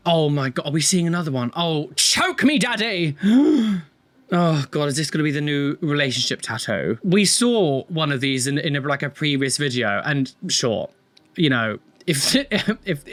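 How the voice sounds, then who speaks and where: A man with a voice pitched a little above most men's reacts to clips in loose, animated commentary. He sounds exasperated and rambles through fillers as he talks. A tattoo artist giving his casual take. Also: moderate pace.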